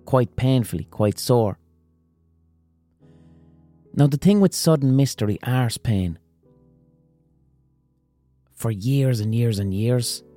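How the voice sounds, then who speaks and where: A man's voice: mid-range voice, dry recording. Crude man telling a comic story. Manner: crude, animated, gasping impressions. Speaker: podcast host.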